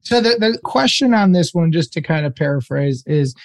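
A man's voice: fairly high pitch, lively intonation, normal speed, creaky, dry recording. Wry man co-hosting a podcast, dry sound. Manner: wry, mock-serious, paraphrases questions. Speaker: podcast co-host. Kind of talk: casual comedic chat.

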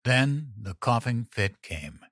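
A man reading a first-person horror story as an audiobook narrator, tense and measured. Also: mid-range voice, big pitch swings, a bit bright, no echo, clean studio sound.

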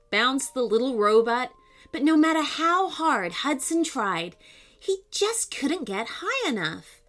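Woman narrator for kids' stories, slow and animated, higher register. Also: soft background music. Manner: animated, expressive reading with sound effects. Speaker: storyteller. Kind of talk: children's story narration.

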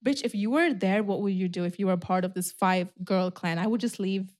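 A woman's voice: medium pitch, a little fast, darkish tone. A young woman hosting a podcast in casual chat, swearing a lot and telling stories with animation. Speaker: podcast host.

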